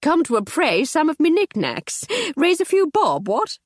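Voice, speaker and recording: Woman doing a jovial old gentleman, bluff and blustering. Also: high-pitched, big pitch swings, a little slow, no room sound, clean studio sound, pitched above the performer's own voice. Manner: hearty, blustering. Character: bluff jovial elderly male aristocrat.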